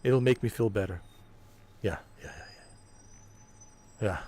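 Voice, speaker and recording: A man's voice: lowish voice, unhurried, darkish tone, voice pushed down. A man putting on the voice of a whiny, anxious male console fanboy, stammering and breathless as a mocking send-up on a game stream. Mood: fumbling.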